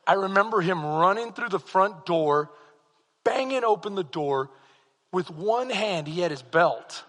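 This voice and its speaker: A male pastor with a high, bright voice, preaching in a church hall with a long reverb. He tells stories softly, then builds to loud, excited calls to the crowd. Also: a little slow. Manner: swings from hushed storytelling to loud excited preaching. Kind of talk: sermon with personal stories.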